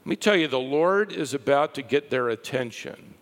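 A man preaching a sermon, telling stories with lively rises and a hushed drop for the quiet parts. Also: mid-range voice, moderate pace. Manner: lively storytelling, dropping to a hush for quiet lines. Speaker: pastor. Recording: long hall reverb.

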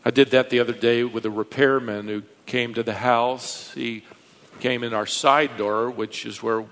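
A man preaching a verse-by-verse sermon as a pastor, emphatic, pushing his pitch and volume up to stress points. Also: fairly even intonation, moderate pace, fairly bright tone. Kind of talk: expository sermon. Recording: long reverb of a large hall.

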